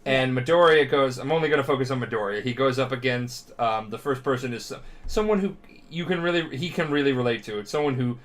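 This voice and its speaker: A drunk young man rambling through a profane, animated retelling as a podcast co-host. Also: medium pitch, fast.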